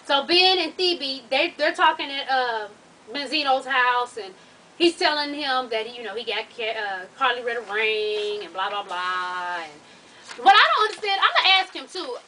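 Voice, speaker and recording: High bright-voiced woman, sassy and cussing, recapping the show for y'all, kinda far from the mic. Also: animated, moderate pace, a little hiss or hum. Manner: blunt, profane, sassy, laughing asides; calls the viewers "y'all" and "honey". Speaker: vlogger recapping a reality show. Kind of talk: casual chat.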